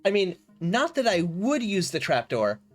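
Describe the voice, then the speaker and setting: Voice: mid-range voice, sing-song, a little slow, faint music behind. A game streamer chatting casually and animatedly on a live stream, laughing often and restarting sentences. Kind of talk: casual live-stream chat while playing.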